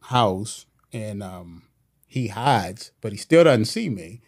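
A man's voice: lowish voice, lively intonation, takes it slowly. A man, a police officer, telling a tense story in a casual studio interview, full of slang and quoted voices. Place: podcast studio.

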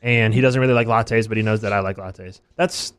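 Animated man hosting a sports podcast. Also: on the low side, clean tone. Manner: animated, quick bursts, self-deprecating. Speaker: podcast host. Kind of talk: casual sports podcast chat.

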